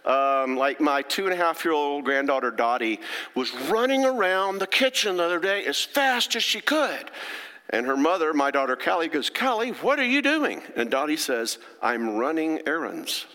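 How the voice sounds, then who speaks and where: A man's voice: on the high side, expressive, normal speed, pushed and bright. A middle-aged man, a therapist giving a folksy, chatty talk to an audience and checking in with them often. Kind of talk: lecture to an audience. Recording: long hall reverb.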